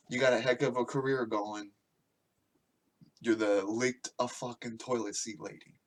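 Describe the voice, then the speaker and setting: Profane ranting man on a podcast. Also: mid-range voice. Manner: crude, profane, mocking, ranting. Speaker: podcast host. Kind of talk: casual podcast rant.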